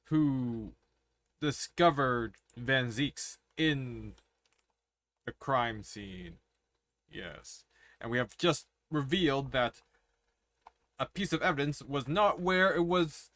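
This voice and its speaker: A man's voice: mid-range voice, a bit bright, no room sound. A man streaming, chatting and musing aloud as he plays through a courtroom game. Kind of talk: casual game commentary. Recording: game music behind.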